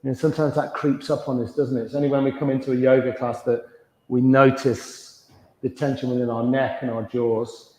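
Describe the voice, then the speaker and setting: A man leading a guided yoga class, giving calm, slow, soothing cues for movement and breathing. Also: mid-range voice. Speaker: yoga instructor. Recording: dull, roomy sound with long reverb.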